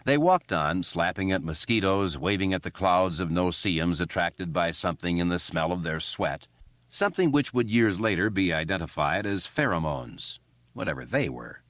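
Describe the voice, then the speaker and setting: A man narrating a novel as an audiobook reader, expressive and doing voices for the characters. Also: deep voice, moderate pace, dry recording, lo-fi sound. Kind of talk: scripted narration.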